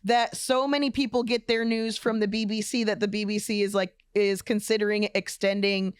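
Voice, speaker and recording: Female podcast co-host, smooth clear voice, halting storyteller, dry close sound. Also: medium pitch, little pitch movement, no echo. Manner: halting, restarts, laughs easily. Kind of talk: casual comedic podcast chat.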